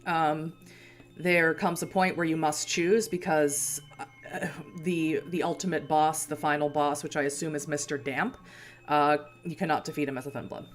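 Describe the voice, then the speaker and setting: Low-voiced woman streamer chatting. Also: steady tone, normal speed, soft background music. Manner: chatty, laughing, rambling explanations. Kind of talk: casual game-stream commentary.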